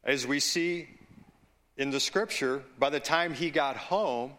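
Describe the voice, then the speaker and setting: Bright-voiced slow-preaching man. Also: mid-range voice. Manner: slow, deliberate preaching with asides and call-outs to the congregation. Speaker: pastor. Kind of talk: sermon.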